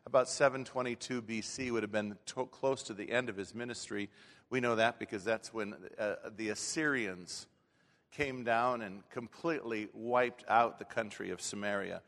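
Folksy pastor in a big hall. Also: male voice, on the low side, normal speed, fairly bright tone. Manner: folksy, conversational preaching with frequent restarts. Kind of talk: sermon. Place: church sanctuary. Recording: long hall reverb.

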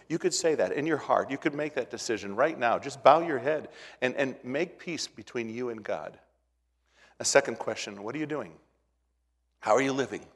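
A man's voice: medium pitch, moderate pace, breathy edge. Male pastor preaching in a reverberant hall. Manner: swings from hushed to loud emphatic, repeats words. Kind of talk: sermon. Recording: long reverb of a large hall.

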